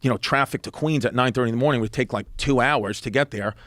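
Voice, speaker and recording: A man's voice: mid-range voice, dry recording, clean studio sound. A middle-aged man, telling a comic story on a podcast and acting out quotes. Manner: animated, fast storytelling with acted-out quotes. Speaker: comedian guest. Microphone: studio podcast microphone.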